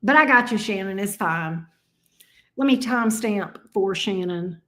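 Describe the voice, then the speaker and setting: Woman tarot reader, slow drawling livestream chat, roomy echo. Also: mid-range voice, animated, a bit bright. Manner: drawling and affectionate, sleepy, calls viewers love bug and honey. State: sleepy.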